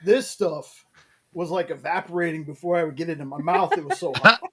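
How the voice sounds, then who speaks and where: A man hosting a casual podcast, speaking in low-key, dry asides. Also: fairly quick, pushed and bright. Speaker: host. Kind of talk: casual chat.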